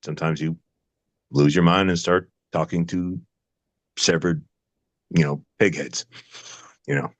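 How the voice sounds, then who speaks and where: Very deep-voiced older man, rambling. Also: steady tone, a little slow, pauses often, no echo. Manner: rambling, many restarts and fillers, musing. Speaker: actor guest. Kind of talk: casual interview chat.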